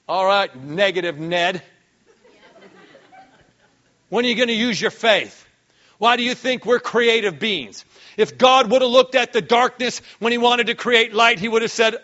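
High, bright-voiced preacher man. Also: unhurried, highs cut off. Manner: energetic, swings from quiet to sudden shouts. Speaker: pastor. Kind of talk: sermon.

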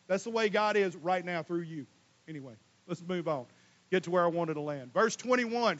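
A man preaching a sermon as pastor, swinging between loud emphatic lines and quiet asides. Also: fairly high pitch, expressive, quick pace, highs cut off. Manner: folksy, casual Southern US speech.

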